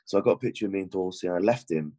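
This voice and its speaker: A British man co-hosting a casual podcast chat, talking quietly from a hotel room in the early hours. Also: sits low, racing. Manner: hushed, keeping quiet at 4am. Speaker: podcast co-host.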